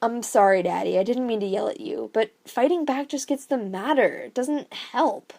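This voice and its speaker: A woman's voice: fairly high pitch, normal speed, gravelly, dark tone. A woman reading the lines of a bullied young girl in her own voice, earnest and frustrated. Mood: upset.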